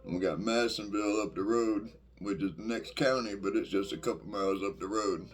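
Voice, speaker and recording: A man's voice: fairly low pitch, a little fast. A middle-aged man, talking in a casual, rambling vlog monologue full of fillers and swearing. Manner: profane, rambling, many fillers. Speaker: vlogger.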